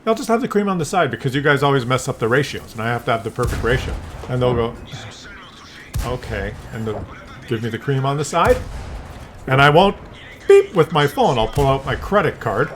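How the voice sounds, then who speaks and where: A man's voice: medium pitch, expressive, brisk, slight background noise. An older man talking in a loose, rambling monologue, often restarting words and acting out little scenes. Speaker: vlogger.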